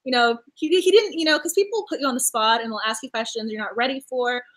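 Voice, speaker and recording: High-voiced woman gushing over a book. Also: lively intonation, fast, a bit bright. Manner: gushing, laughs often, acts out her reactions. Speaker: book club co-host. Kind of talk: casual book discussion. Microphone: video call.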